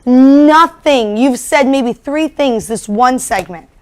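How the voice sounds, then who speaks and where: A woman with a high voice trading jabs in a football debate. She teases her opponent and talks up her own team. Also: takes it slowly. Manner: teasing, trash-talking. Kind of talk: casual sports debate.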